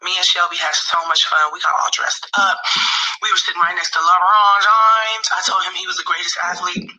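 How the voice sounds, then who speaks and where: A woman's voice: fairly low pitch, fairly even intonation, brisk, pushed and bright, a little hiss or hum, rough recording. A woman singer speaking casually and heartfelt to her fans, emotional and swearing freely. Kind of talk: casual direct-to-camera talk.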